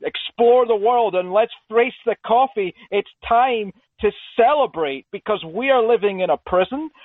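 A male caller heard over a thin, tinny phone line. He speaks in a fairly high voice, politely and earnestly, setting out his disagreement in measured terms. The sound is dry and close. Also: no room sound. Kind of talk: calling in to a radio show.

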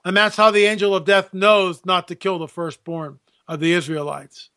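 A man's voice: sits high, little pitch movement, moderate pace, pushed and bright, clear, resonant tone. A man hosting a radio show, talking casually and animatedly, restarting his sentences as he goes. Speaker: radio host.

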